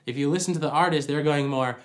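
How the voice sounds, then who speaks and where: A man's voice: on the high side, fast. A man giving a practical singing lesson at home, explaining each point by demonstrating it. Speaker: vocal coach. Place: at home with a dog nearby.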